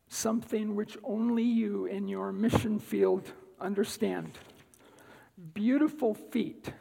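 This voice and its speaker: A man giving a guest talk at church, telling a personal story in an unhurried way with dry asides. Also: high voice, creaky, dark tone, long reverb tail, low-quality recording. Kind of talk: sermon-style personal testimony. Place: church sanctuary.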